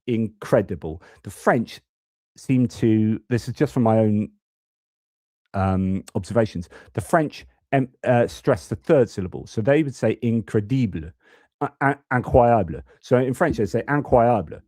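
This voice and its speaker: A man's voice: fairly low pitch, unhurried, darkish tone, no room sound, clean studio sound. A man hosting a live stream on war news, chatty and rambling, full of fillers and restarts. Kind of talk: casual live stream commentary.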